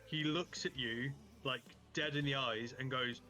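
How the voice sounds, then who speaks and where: A man's voice: medium pitch, steady tone, a little slow, sharp tone, soft background music. A man running a tabletop game as game master, narrating casually with a rambling delivery. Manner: casual, rambling, many fillers and restarts.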